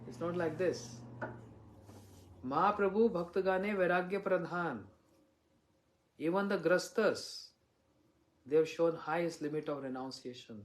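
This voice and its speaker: A man's voice: fairly high pitch, unhurried, long pauses, a little hiss or hum. A man, a visiting monk giving a devotional talk, telling stories and asking his listeners questions. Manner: storytelling, asks listeners rhetorical questions. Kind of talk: devotional lecture.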